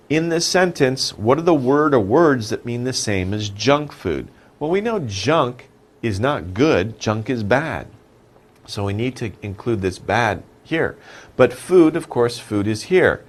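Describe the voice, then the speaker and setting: A man's voice: medium pitch, expressive, a little slow. A man teaching an English vocabulary lesson, patiently repeating words and asking questions before answering them himself. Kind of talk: slow, animated vocabulary lesson.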